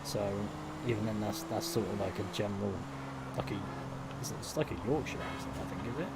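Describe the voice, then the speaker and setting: A man's voice: lowish voice, fairly quick, creaky. An English man giving casual, rambling commentary while live-streaming a video game, with dry asides. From England. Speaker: gaming streamer. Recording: noisy game sounds behind.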